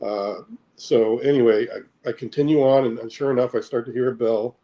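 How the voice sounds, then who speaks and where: A man's voice: mid-range voice, fairly even intonation, a little fast, mellow. A middle-aged American man, an interview guest, recounting personal experiences in a hesitant way, with repeated words and many fillers. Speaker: interview guest, military veteran.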